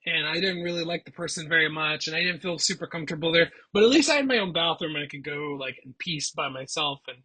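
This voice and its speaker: A man vlogger tells a personal story in a loose, chatty way, often restarting his sentences. His voice is husky yet bright and forward, sitting a bit above the usual male pitch. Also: quick pace, hardly any pauses, low-quality recording. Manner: chatty, rambling with frequent restarts. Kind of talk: casual storytelling.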